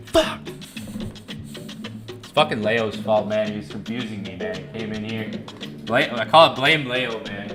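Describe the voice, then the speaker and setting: A man hosting a live trading stream, chatting loosely and swearing, swinging from hyped call-outs to low muttering. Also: measured pace, pauses often, fairly bright tone, soft background music. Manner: loose and profane, swings between hype and muttering. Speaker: forex trading livestream host. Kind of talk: casual live-stream chat.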